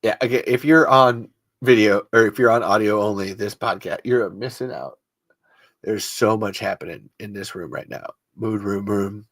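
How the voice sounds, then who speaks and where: A man's voice: on the low side, moderate pace, a bit bright, dry recording. A man hosting a podcast, rambling and joking in casual chat. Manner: rambling, joking, self-mocking. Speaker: podcast host.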